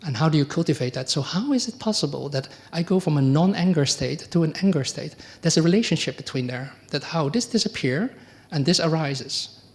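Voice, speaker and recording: A man's voice: a little fast, hardly any pauses. A middle-aged man, a monk giving a conversational dharma talk, often asking the audience questions and acting out quoted exchanges. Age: middle-aged or older. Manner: acts out quoted exchanges with lively pitch jumps. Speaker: Buddhist monk teacher.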